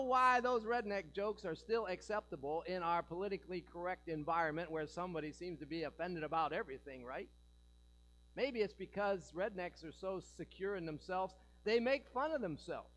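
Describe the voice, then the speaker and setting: A man's voice: high voice, moderate pace, a bit bright, poor audio. A man preaching a sermon in a church, joking and asking the congregation rhetorical questions. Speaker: pastor.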